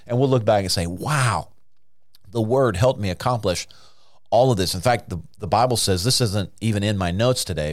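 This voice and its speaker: Low-voiced man preaching casually on a podcast. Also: dry recording, studio quality. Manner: conversational, encouraging, peppered with "you know" and "hallelujah". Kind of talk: casual sermon-style podcast talk.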